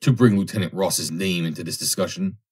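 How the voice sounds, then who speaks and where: A man's voice: low-pitched, fairly quick, breathy edge. A man reading aloud, voicing a proud young woman who coolly rejects a suitor. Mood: indignant. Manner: cool, formal and reproachful.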